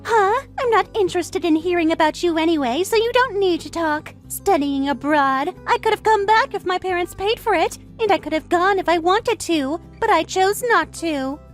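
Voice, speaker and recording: A woman's voice: very high voice, expressive, normal speed, hardly any pauses. A woman voicing an arrogant, condescending young sister-in-law in a dramatized text-message story, with a sneering, mocking manner. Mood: scornful. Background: faint music.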